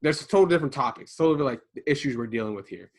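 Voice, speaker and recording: Animated man telling stories casually. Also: mid-range voice, racing. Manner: animated storytelling, acting out quoted voices. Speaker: podcast co-host. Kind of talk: casual conversation. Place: home garage.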